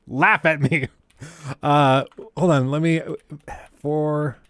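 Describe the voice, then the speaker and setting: A man's voice: a little high, fairly even intonation, slow pace, a bit bright, clear, resonant tone, no room sound. A man hosting a casual livestream, ranting bluntly and sarcastically to his chat. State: keeps choking on throat. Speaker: livestream host.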